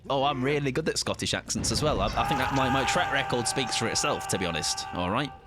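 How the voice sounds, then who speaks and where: A man's voice: mid-range voice, expressive, fast, heavy background noise. A man, chatting playfully while live-streaming a game and greeting viewers. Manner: playful, chatty, jokey asides. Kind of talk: casual live-stream commentary.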